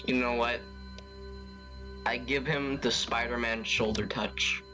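A man's voice: mid-range voice, fairly even intonation, takes it slowly, music in the background, poor audio. A man playing in a tabletop game, joking and playful in casual talk. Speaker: player. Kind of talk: casual tabletop role-play.

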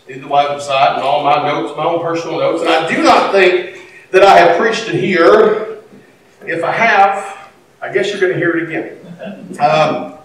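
Brief: middle-aged pastor, folksy storyteller, fairly high voice, distant mic in a very echoey sanctuary. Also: male voice, a bit bright, a little hiss or hum. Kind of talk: sermon. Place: church sanctuary.

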